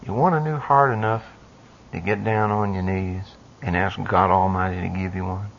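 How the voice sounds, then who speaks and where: A man preaching a sermon with a husky voice, rising from quiet asides to loud pleading cries. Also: deep voice, steady tone, normal speed, a little hiss or hum. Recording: dull lo-fi sound.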